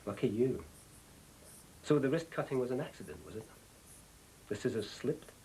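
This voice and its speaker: A man's voice: medium pitch, very animated, normal speed, dark tone, slight background noise, poor audio. An actor playing a lonely middle-aged husband, rambling and hesitant as he confides. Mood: cutting. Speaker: troubled husband. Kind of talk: soap opera acting.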